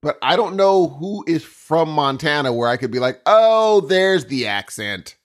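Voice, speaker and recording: A man's voice: on the high side, normal speed. A man co-hosting a podcast in casual chat, telling stories and breaking into silly voices. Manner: animated storyteller who jumps into silly voices. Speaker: podcast co-host.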